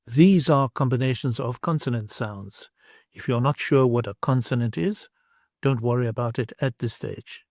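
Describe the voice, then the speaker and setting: A man teaching pronunciation, saying each example word slowly and then repeating it, exaggerating the sounds for clarity. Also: mid-range voice, darkish tone, no room sound, clean studio sound. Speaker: language teacher. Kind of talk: slow, deliberate pronunciation lesson.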